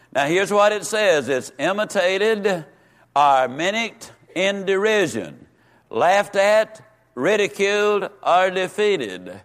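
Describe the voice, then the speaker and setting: Brief: older male Sunday school teacher, slightly high voice, emphatic and repetitive, drawn-out stresses. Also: fairly bright tone. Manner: emphatic, repeats words for stress, slows on key phrases. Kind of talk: sermon-style Bible teaching.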